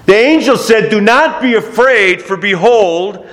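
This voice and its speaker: A man preaching a sermon as pastor, animated, rising to shouts of praise and chuckling between lines. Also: high-pitched, measured pace, echoey room. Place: church. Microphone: microphone, moving on and off it.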